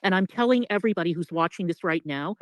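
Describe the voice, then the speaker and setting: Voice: medium pitch, fast, no room sound, rough recording. A speaker delivering a heated call-out rant, accusatory and profane, confronting someone directly.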